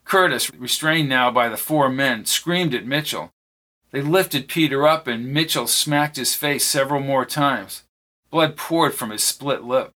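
A man narrating a thriller audiobook in a steady reading voice. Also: mid-range voice, measured pace.

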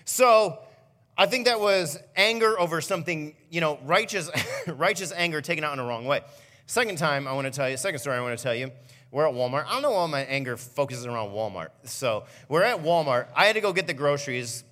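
A man, a student pastor, giving a sermon with animated, self-mocking personal stories. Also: a little high, fairly quick, long reverb tail. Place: church auditorium.

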